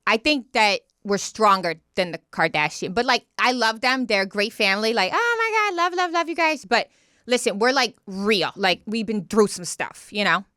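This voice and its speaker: A woman doing an impression of a bubbly, bossy reality-star mother from New Jersey, with a little rasp when her voice goes up and lots of "like" fillers. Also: medium pitch, moderate pace, bright, forceful tone, no echo, clean studio sound, lightly acted. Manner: gushing, bossy pep talk with "like" fillers.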